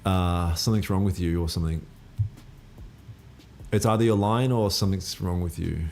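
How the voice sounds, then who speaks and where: A man's voice: low-pitched, normal speed, a little mellow, faint music behind. A man hosting a live trading stream, answering viewer comments in a laid-back, slangy, blunt way and swearing now and then. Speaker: trading livestream host.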